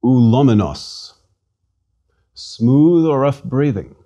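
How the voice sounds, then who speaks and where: A male language lecturer speaks at a slightly slow pace in a warm, animated, medium-pitched voice. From a studio, he leads a scripted pronunciation drill, patiently repeating words for the listener.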